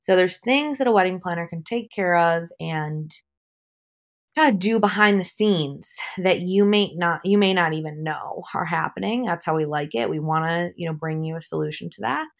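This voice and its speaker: A woman in her thirties talks through wedding-day mishaps on her podcast. Her voice sits low with a gravelly fry, and she stays calm and practical, adding the occasional light laugh. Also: normal speed. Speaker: wedding planner and podcast host. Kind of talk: solo podcast talk.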